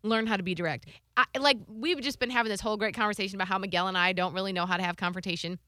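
A woman in her thirties chatting casually on a podcast, telling a story in a lively way and acting out what people said. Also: mid-range voice, very fast, no room sound, studio quality. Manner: animated storytelling, acts out quotes. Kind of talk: casual chat.

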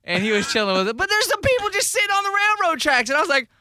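A man's voice: very high voice, very animated, racing, pushed and bright, a little hiss or hum. A man on a casual podcast, sheepishly recounting a drunken night out. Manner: sheepish, laid-back storytelling. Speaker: podcast co-host.

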